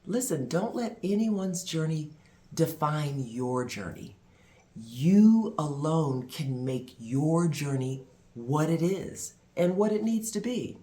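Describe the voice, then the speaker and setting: Slow, dramatic storytelling man. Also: on the high side. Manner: dramatic pauses, expressive storytelling. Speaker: vlogger, minister. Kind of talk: personal storytelling to camera.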